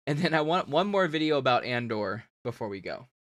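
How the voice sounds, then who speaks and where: A man's voice: medium pitch, sing-song, moderate pace, fairly bright tone. A man hosting a comics live stream, chatting loosely and ranting to his viewers. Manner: loose, ranting, laughing, talks to chat. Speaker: comics show host. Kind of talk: casual live-stream wrap-up.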